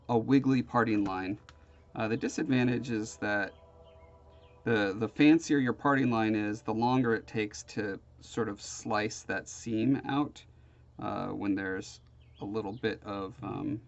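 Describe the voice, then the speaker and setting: A congested man with a nasal, gravelly voice talks through a hands-on crafting tutorial as its host. He rambles and pokes fun at himself. The audio sounds slightly dull and muffled. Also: on the low side, measured pace. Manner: self-deprecating, rambling. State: sniffly, congested.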